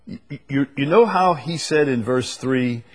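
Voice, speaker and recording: A man teaching through Bible verses to a small group, earnest and repeating key phrases, reading scripture slowly. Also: mid-range voice. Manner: speaks to a live group.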